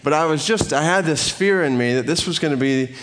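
A middle-aged man from the Atlanta area giving a sermon, telling a personal story in an animated way before he reads scripture. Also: a little high, brisk, slight background noise. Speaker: preacher.

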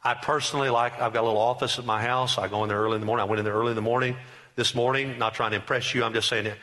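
Middle-aged male pastor, bright voice, emphatic repetitive sermon delivery. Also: mid-range voice, steady tone, very fast. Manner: emphatic, repetitive preaching with rising bursts.

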